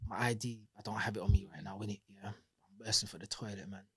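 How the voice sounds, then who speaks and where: A man, telling an animated, slangy story as an interview guest and acting out the dialogue. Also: fairly low pitch, quick pace. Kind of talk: casual storytelling.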